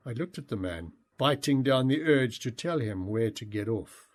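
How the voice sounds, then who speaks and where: A man narrating his own memoir as an audiobook, in a heartfelt, expressive way. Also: medium pitch, normal speed, few pauses.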